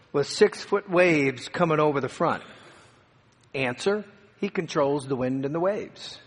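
A man preaching a sermon, swinging from dramatic raised cries to hushed, quiet passages. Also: on the high side, slightly rough. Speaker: pastor. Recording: long hall reverb.

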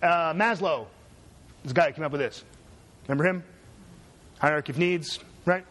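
A middle-aged male professor lecturing a class, his voice sitting a little high for a man. He talks in a dry, sarcastic way and slips jokes into his points. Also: moderate pace, a bit bright. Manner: sarcastic, joking asides. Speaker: university lecturer.

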